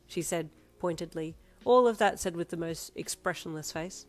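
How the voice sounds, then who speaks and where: A woman reading a fan story aloud in the second person, telling it at a steady storytelling pace. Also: deep voice, brisk, few pauses, faint music behind. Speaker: story reader.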